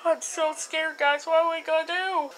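High-voiced woman voicing a homemade skit. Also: steady tone, moderate pace. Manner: switches between mumbling lines and sudden shouting. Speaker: amateur puppet-movie maker voicing all characters. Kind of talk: improvised homemade comedy skit.

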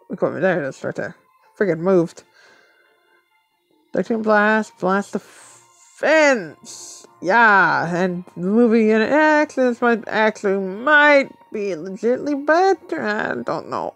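A woman's voice: mid-range voice, no room sound. A woman thinking aloud as she plays a mobile game, muttering to herself and laughing often in casual commentary.

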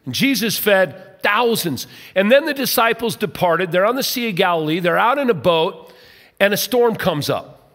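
A man's voice: high voice, animated, moderate pace, a bit bright. A man preaching a conversational, emphatic sermon as a pastor, acting out quoted voices. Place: large church hall. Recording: long hall reverb.

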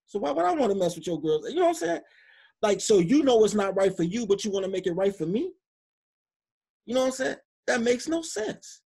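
A man from Chicago speaks as a podcast guest, blunt and emphatic, with a casual street-style delivery. His voice sits a little high for a man and has a husky edge. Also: very animated, a little fast, warm tone. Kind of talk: opinionated interview talk.

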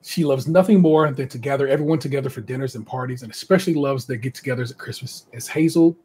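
A man's voice: medium pitch, quick pace, warm tone, slightly rough. A man hosting a casual podcast, reading out contestant bios and breaking off for chatty asides and laughter. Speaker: podcast host.

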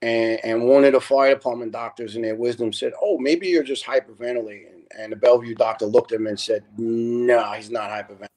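A man's voice: mid-range voice, steady tone, fast, hardly any pauses, a little mellow, rough recording. Earnest middle-aged man telling stories. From New York. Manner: earnest storyteller, quotes people in their own voices. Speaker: retired fire lieutenant, podcast guest. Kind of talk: storytelling in a casual interview.

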